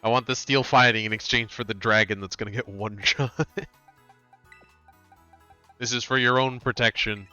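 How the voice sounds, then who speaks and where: A man streaming a video game, chatting casually, laughing often and reacting quickly, close on a desk mic. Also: medium pitch, steady tone, bright, forceful tone, clean tone, highs cut off, faint music behind. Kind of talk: casual gaming commentary.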